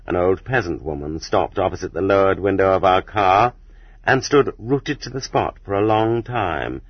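A man narrating an audiobook in a steady, measured reading voice, recorded on dull cassette tape. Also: sits low, breathy edge, no echo. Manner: steady, measured reading that rises sharply for quoted shouts. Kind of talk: scripted narration.

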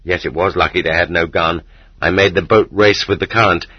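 A man reading a first-person story aloud as an audiobook, in a steady, measured manner. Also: low voice, breathy edge, no echo. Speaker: audiobook narrator. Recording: slightly dull lo-fi recording.

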